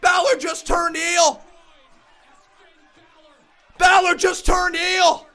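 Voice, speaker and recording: A man streaming a live reaction, shouting in frantic, excitable exclamations and shaking with excitement. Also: extremely high pitch, extremely slow, some chatter behind.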